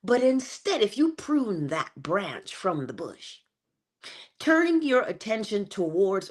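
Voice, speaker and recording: A woman giving a motivational morning talk, animated and playful, with chatty asides. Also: medium pitch, slow pace. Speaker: inspirational speaker.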